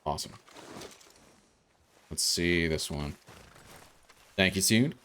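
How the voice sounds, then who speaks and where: A man born in South Africa rambles casually while he streams a game and reacts to it. His voice sits on the low side. Faint noise hums behind him. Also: slow pace, fairly bright tone. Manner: rambling, chatty, reacting to gameplay. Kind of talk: casual gameplay commentary.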